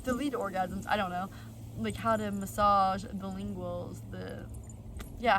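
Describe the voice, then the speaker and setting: A woman's voice: medium pitch, a little slow, a bit bright, recorded from a distance, slight background noise, low-quality recording. A young woman vlogger telling a personal story in a rambling, blunt way, full of fillers and the odd swear. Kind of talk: casual storytelling.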